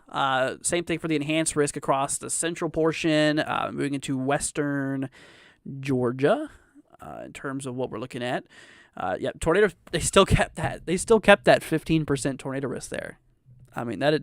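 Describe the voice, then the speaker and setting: A man's voice: a little high, animated, moderate pace, a bit bright, no room sound, studio quality. A young man hosting a casual live weather stream, rambling with lots of fillers and restarts while he reads viewer comments aloud. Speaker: weather livestream host.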